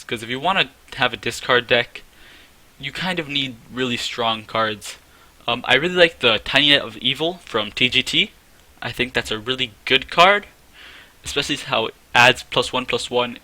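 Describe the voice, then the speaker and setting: A man's voice: medium pitch, pushed and bright, no room sound. A man giving a casual, chatty review of game cards, often correcting himself mid-sentence and scoring each card out of ten. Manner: chatty, self-correcting, rates things out of ten.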